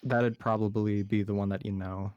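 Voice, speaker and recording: A man's voice: on the low side, little pitch movement, moderate pace, a little mellow, clean tone, no echo, highs cut off. A man with a slight lisp and a general American accent, rambling through a casual podcast chat with lots of fillers. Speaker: podcast co-host.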